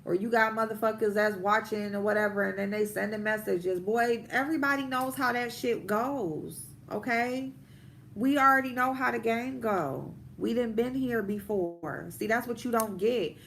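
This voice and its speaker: A woman's voice: a little high, normal speed, creaky, a bit bright, a little hiss or hum. A woman hosting a casual livestream, ranting bluntly and profanely, stretching out her emphatic lines while she does her makeup. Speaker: vlogger host.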